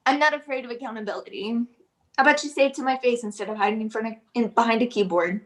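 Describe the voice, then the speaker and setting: A woman's voice: a little high, fast, roomy sound, distant mic, lightly acted. A woman playing a brash 22-year-old female influencer who talks in slang with an affected put-on accent, in a student theatre production. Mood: defensive. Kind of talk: student theatre acting, live-stream monologue.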